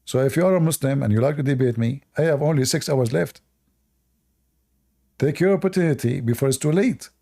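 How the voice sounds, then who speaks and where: Gravelly, mocking male streamer. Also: medium pitch, brisk, dark tone. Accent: non-native English. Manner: mocking, sarcastic asides. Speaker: live debate streamer. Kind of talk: casual livestream talk.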